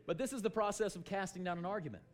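A man preaching a sermon in an animated way, acting out little scenes, calling for amens and sometimes shouting. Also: sits high, rapid-fire. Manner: animated, shouts for emphasis and acts out quotes; calls for amen often.

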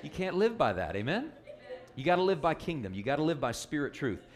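A man's voice: a little high, sing-song, a little fast. A man preaching a sermon, joking with the congregation and calling for responses. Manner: call-and-response, joking, emphatic.

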